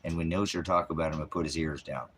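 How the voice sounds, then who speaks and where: American man, deep voice, casual livestream chat, cooing baby talk, faint background noise. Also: fairly even intonation, fast. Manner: talks baby talk to his dogs, voice swooping high and soft. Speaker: online preacher.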